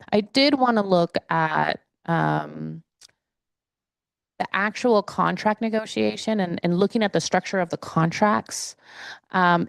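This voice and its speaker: A woman's voice: fairly low pitch, vocal fry, smooth, dry recording. A woman speaking as a councilmember at a city council meeting, talking hesitantly with many fillers and restarts.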